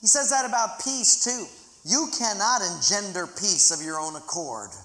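Expressive and forceful, with a bright medium-pitched voice at a moderate pace, a pastor delivers a dramatic sermon in a big church auditorium. He leads the congregation in reading scripture aloud, and the hall echoes with long reverb.

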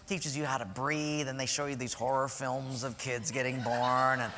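A male pastor preaching a sermon, telling stories in an animated way that swings between loud and soft. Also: medium pitch, normal speed, long reverb tail.

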